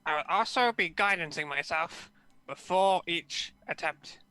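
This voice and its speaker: A man joins a tabletop game as a player, polite and quick to laugh. He talks slowly in a very bright, smooth, fairly high voice. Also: dry recording. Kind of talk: casual tabletop play.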